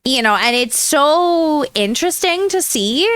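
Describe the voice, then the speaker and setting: American girl streamer just chatting, high bright voice, lots of laughing, dry close mic. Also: expressive, a little slow, no room sound. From United States. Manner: rambling, chatty, laughs often, answers chat. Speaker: VTuber streamer. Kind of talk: casual livestream chat.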